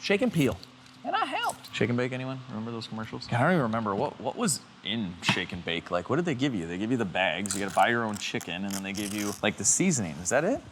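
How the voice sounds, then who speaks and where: A lower-pitched man narrating his own car work in a garage, loose and chatty with side jokes. He sounds a bit stuffed up, and a faint hum of shop noise sits under his voice. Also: expressive, fast talker, hardly any pauses. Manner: chatty and self-joking, rambles on tangents. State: congested. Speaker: car restoration vlogger. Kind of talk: casual talk-through while working on a car. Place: garage workshop. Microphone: handheld camera while working.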